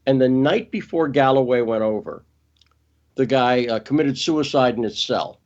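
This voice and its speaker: Emphatic man talking fast on a dull line. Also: medium pitch, darkish tone. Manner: emphatic, quick, often restarts and corrects himself. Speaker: interview guest. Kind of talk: casual interview talk.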